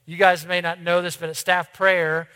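A man preaching a sermon to his congregation, earnest, swinging between loud lines and hushed ones. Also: high-pitched, little pitch movement, moderate pace, clean tone, big-room sound. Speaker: pastor.

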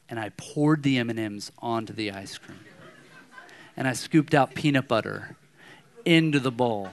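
A man in his thirties preaching a sermon as a pastor, telling personal stories in a conversational way and acting out anger. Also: mid-range voice. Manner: conversational storytelling, animated when acting out anger.

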